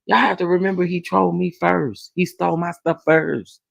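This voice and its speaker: A man, hosting a casual commentary chat, animated and dramatic as he talks to his viewers. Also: fairly high pitch, a little fast, creaky, few pauses, no echo, muffled recording. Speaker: commentary channel host.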